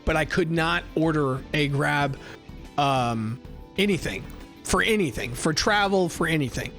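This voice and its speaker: High-voiced man telling rambling stories. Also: unhurried, a bit bright, soft background music. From United States. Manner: rambling storytelling, lots of swearing and restarts. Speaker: livestream host. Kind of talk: casual chat.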